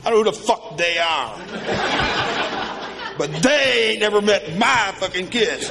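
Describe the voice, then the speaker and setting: A man's voice: sits high, lively intonation, moderate pace, creaky, long pauses, heavy background noise. A man doing a crude, profane stand-up comedy set, telling stories and acting out quoted voices on a club stage. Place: comedy club stage before a live audience. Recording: live club recording with crowd and reverb.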